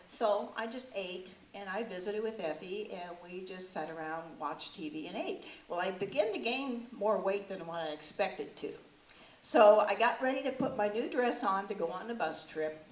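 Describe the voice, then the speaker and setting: Woman doing an old widow comic, rambling and deadpan; recorded from across an echoey meeting room with hiss. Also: medium pitch, lightly acted. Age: older. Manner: folksy rambling storytelling with deadpan punchlines. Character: brassy old widowed woman, many husbands, self-mocking. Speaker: comic character performer. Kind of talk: stand-up character monologue. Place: club meeting room before a live audience. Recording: echoey room, distant mic, faint hiss.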